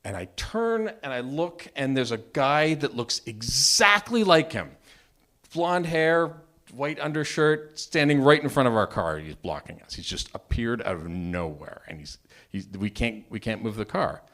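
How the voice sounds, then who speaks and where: A married man telling a true personal story at a live open mic, animated and self-mocking, often restarting his sentences. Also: medium pitch, measured pace. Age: adult, married. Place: storytelling venue, live event.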